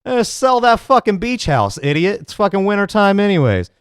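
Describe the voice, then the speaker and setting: A man's voice: high-pitched, sing-song, normal speed, smooth, dry recording, clean studio sound. A man hosting a comedy podcast, ranting in a loose, profane, fired-up and rambling way. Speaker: podcast host. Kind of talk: casual comedic rant.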